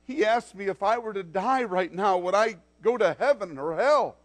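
A man's voice: high-pitched, expressive, normal speed. A man doing a shaken elegant wife. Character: tearful elegant wife in a hotel lobby.

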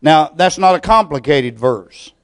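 A man preaching a sermon and leading a prayer, with a deliberate, measured delivery full of pauses. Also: fairly high pitch, lively intonation. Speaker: pastor.

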